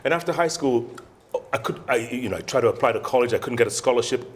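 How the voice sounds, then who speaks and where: A man in his fifties with a deep, resonant voice, telling his life story in an animated, casual interview as a guest anchor. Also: fast talker. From Kenya. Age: 50s. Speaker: guest anchor and radio host.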